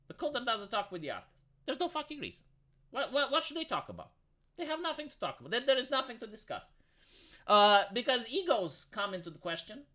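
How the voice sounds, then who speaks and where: A live streamer with a medium-pitched, sharp-toned voice goes on a blunt, rambling rant in casual chat. They swear often, keep cutting themselves off and repeat words.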